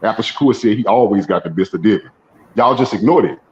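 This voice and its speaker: A man's voice: fairly low pitch, quick pace, darkish tone. A man calling in to a boxing talk show, emphatic and argumentative in a casual chat. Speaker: caller. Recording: dull online call audio.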